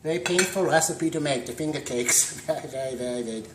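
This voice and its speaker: A man hosting a mock home cooking demonstration, rambling through deadpan puns and dad jokes. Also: fairly high pitch, fast, background noise. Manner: deadpan punning, dad jokes, trailing asides. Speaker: host of a joke home cooking show. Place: home kitchen. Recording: echoey kitchen with clattering pots and cutlery.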